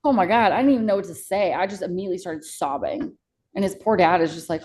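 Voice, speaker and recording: A woman's voice: fairly low pitch, fast, darkish tone, low-quality recording. A young woman, a podcast guest, telling a personal story in a candid, casual way and swearing freely.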